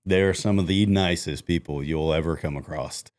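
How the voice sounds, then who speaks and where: A man with a very deep voice tells stories as a guest on a podcast. He keeps it casual and acts out the lines other people said as he goes. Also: moderate pace. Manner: animated storyteller acting out quotes. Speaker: music manager guest. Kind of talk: casual storytelling chat.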